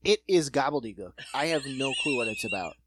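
A man co-hosting a casual comedic chat, animated and mocking, slipping into quick goofy impressions. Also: medium pitch, background noise. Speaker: podcast co-host.

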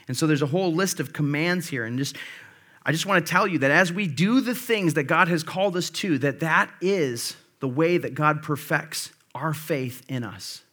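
A man's voice: medium pitch, fairly bright tone. A man preaching a sermon, reading scripture aloud and paraphrasing it in a casual, conversational way. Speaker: pastor.

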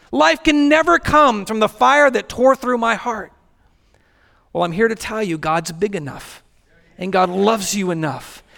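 A man preaching a sermon as pastor in a church, with rhythmic repetition and dramatic pauses. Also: high-pitched, creaky, fairly bright tone. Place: church sanctuary. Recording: long church hall reverb with faint music.

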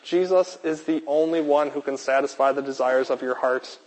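A man's voice: mid-range voice, moderate pace, darkish tone. A man preaching a sermon with a repetitive, emphatic cadence. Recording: long hall reverb.

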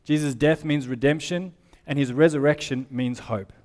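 A man's voice: on the high side, steady tone, moderate pace, darkish tone. A man with a slightly raised voice preaches to a congregation, reading scripture aloud and unpacking it in plain, conversational terms. His words ring out through a church hall with a long reverb tail. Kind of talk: sermon.

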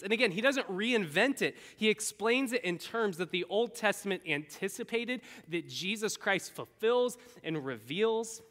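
A man preaching a sermon to his congregation, animated and acting out the voices he quotes. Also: high-pitched, normal speed, hardly any pauses. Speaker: pastor. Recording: echoey hall.

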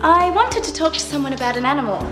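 An actress with an Australian accent playing a polite young woman newcomer in a TV series clip, speaking softly. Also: sits high, lively intonation, fast, echoey room. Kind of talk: TV series dialogue. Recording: played clip with music behind. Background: music.

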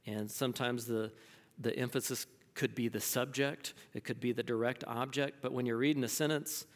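A man's voice: mid-range voice, steady tone, normal speed. Man lecturing in a reverberant hall. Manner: thinking aloud with many restarts and fillers. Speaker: teacher. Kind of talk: classroom lecture answering questions.

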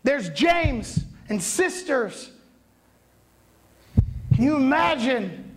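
A man with a fairly high voice preaches a sermon by telling its story. He retells it dramatically, often repeating words as he builds to loud peaks. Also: a little slow, poor audio.

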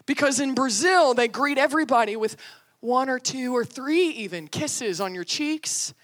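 A young woman from the United States telling a story in a sermon in an animated way, acting out the quotes. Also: sits high, moderate pace. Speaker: preacher.

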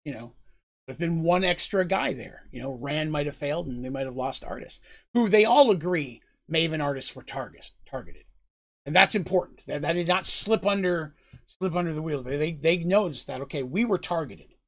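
Husky-voiced man retelling a tabletop session, conversational and rambling. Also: on the high side, animated, normal speed. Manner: conversational, rambling, with frequent fillers. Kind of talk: recounting a tabletop game session.

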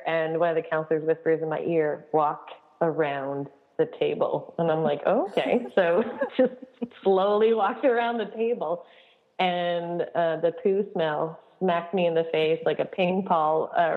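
A woman's voice: fairly low pitch, measured pace. A woman co-hosting a podcast, telling funny camp stories in a casual, laughing way. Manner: laughing, animated storyteller. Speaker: podcast co-host, camp director. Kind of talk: casual chat. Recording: dull, echoey long reverb.

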